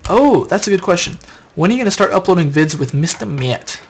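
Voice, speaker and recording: Young male streamer, somewhat high voice, sleepy and rambling, casual chat to viewers at a desk mic. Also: lively intonation, fairly quick, slightly rough. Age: young adult. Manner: rambling, casual, answers viewer questions aloud. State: tired. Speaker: live streamer answering chat. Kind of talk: late-night live stream chat.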